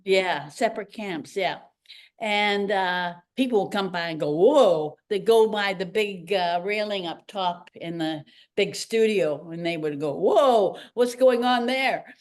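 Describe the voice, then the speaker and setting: A retired ballerina and teacher from Canada, this older woman speaks at a measured pace in a lowish voice. She's a guest in a casual interview, telling stories with animation and imitating the people she quotes.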